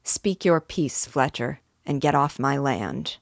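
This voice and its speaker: A woman's voice: a bass voice, animated, takes it slowly, gravelly, no echo, clean studio sound, exaggerated voice. A woman reading the part of a stern male homesteader who speaks curtly and firmly. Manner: curt, firm. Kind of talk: reading a novel aloud.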